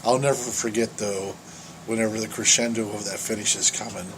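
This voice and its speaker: A man co-hosting a podcast, telling wrestling stories in an animated, profane, laughing way. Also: on the low side, a little fast, background noise. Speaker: podcast co-host. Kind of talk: casual storytelling chat.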